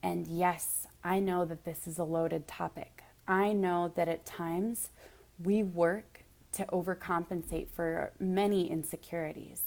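Earnest woman, lower voice, heartfelt. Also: steady tone, measured pace, gravelly, darkish tone. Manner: emotional, near tears at times. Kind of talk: motivational monologue.

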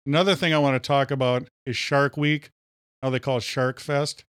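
A man's voice: mid-range voice, steady tone, normal speed, a bit bright, smooth, no room sound, studio quality. A man from Minnesota co-hosting a casual podcast, ranting and joking in loose banter. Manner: ranting, jokey, says "powerful" often. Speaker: podcast co-host.

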